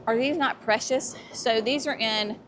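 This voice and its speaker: A woman's voice: on the high side, a little slow, fairly bright tone, a little hiss or hum. A woman hosting a casual walk-through of plants at a garden center, chatty and enthusiastic. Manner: chatty and enthusiastic, says y'all often.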